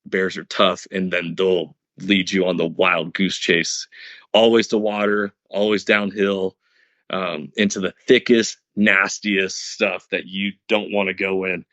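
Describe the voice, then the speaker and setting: Low-voiced man on a dull, dry line. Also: a bit bright, no room sound. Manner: earnest, explains step by step with many restarts. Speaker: podcast guest, hunter. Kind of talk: casual storytelling interview.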